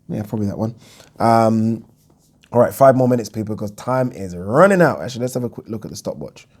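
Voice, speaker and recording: A man's voice: mid-range voice, lively intonation, fairly quick, a little mellow. A man hosting his own boxing Q&A, answering viewer questions in a frank, rambling way with many ums. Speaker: boxing YouTube host. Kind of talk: casual Q&A chat.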